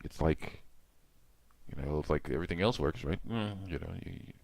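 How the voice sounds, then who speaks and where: A man with a very low, gravelly voice rambles on in a loose, casual monologue while busy with some hands-on task. He fills his talk with soft hums and "you know"s, and he acts out what he would say in little quotes. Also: moderate pace.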